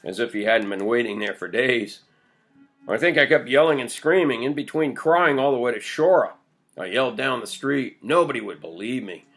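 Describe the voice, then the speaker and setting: A man's voice: medium pitch, moderate pace, fairly bright tone, soft background music, natural voice. A man reading an old villager's first-person tale of his boyhood, told in earnest storytelling. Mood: excited. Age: older. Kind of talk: audiobook character voice.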